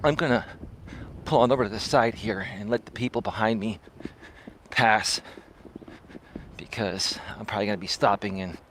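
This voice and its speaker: A man's voice: fairly low pitch, moderate pace, pauses often. A man hosting a live-streamed coaching talk while walking a windy outdoor trail, speaking into a foam-windscreened mic near his face. He sounds conversational and preachy, tagging points with rhetorical questions. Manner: conversational and preachy, with frequent rhetorical "right?" tags. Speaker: personal development coach and live-stream host. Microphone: clip-on mic with a foam windscreen near the face.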